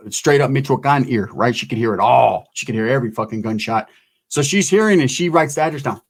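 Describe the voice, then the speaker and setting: A man's voice: mid-range voice, lively intonation, a little fast. A man telling a crude, rambling stand-up story, tagging lines with "right?" and acting out other people's voices. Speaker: stand-up comedian.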